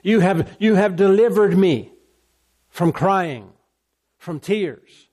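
A man's voice: sits high, animated, slow, darkish tone. A man preaching a sermon who reads scripture aloud, repeats phrases for emphasis and checks in with the congregation. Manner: call-and-response asides, repeats phrases for emphasis.

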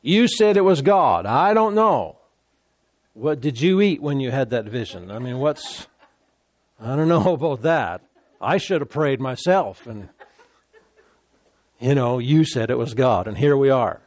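A preacher acting as a grumbling prisoner. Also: male voice, medium pitch, lively intonation, unhurried, pauses often, dry recording, voice pushed down, lightly acted. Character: grumbling adult male prison companion.

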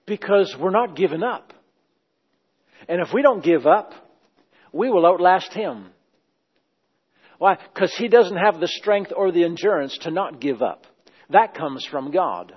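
A man with a fairly high voice preaches a sermon with emphasis, repeating phrases over and over. His voice rings in a long hall reverb, and the recording sounds dull. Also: lively intonation, measured pace, pauses often, husky.

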